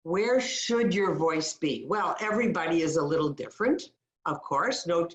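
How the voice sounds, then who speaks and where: A woman's voice: on the low side, expressive, normal speed, echoey room, lo-fi sound. A woman coaching a webinar audience on voice, explaining with demonstrations and encouraging tips. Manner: demonstrative, gives upbeat guided tips. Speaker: communication coach.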